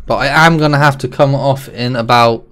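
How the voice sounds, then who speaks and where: Excitable swearing streamer man. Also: medium pitch, moderate pace. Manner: excitable, swears a lot, chats with viewers. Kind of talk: live gameplay commentary.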